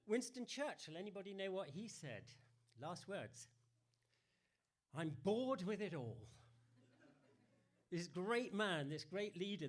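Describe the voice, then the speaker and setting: Lively, chatty man preaching. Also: on the high side. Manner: playful, chatty, asks the congregation questions. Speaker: preacher giving an all-age talk. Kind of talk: sermon. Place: church.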